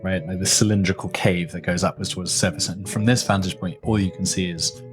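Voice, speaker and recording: Low-voiced man running a tabletop game. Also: fast, faint music behind. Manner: relaxed, meandering descriptions with fillers. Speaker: game master.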